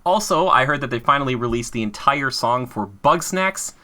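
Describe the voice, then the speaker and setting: A young man hosts a casual podcast, rambling from one thought to the next and breaking into high, laughing exclamations. His voice has a bright, forward edge at an ordinary pitch. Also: lively intonation, moderate pace. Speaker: podcast host.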